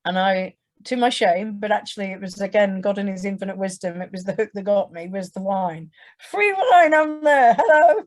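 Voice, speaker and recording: A young Englishwoman rattles through her testimony to a church audience fairly quickly with hardly any pauses, in a mid-range, slightly mellow voice with little pitch movement. She speaks conversationally, restarting frequently and acting out quotes.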